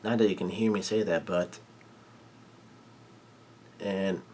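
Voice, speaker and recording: A man recaps a comic chapter in a low, even voice that barely rises or falls. He stumbles through plenty of fillers and restarts and swears bluntly when surprised. A faint hum of background noise sits under him. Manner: halting, many fillers and restarts. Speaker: manga chapter reviewer.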